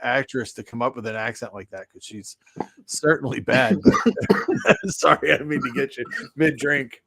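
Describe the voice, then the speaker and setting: A man's voice: medium pitch, a bit bright, dry recording, studio quality. Rambling sarcastic man reviewing films. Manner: rambling, sarcastic, acts out quotes. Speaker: podcast co-host. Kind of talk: casual movie review chat.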